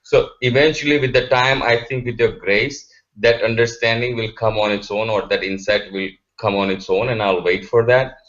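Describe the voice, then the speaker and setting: A man's voice: mid-range voice, fairly even intonation, moderate pace, few pauses, a bit bright. Man asking his teacher stuff, trips over words a lot, kinda muffled lo-fi sound. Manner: searching, hesitant, many restarts. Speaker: questioner.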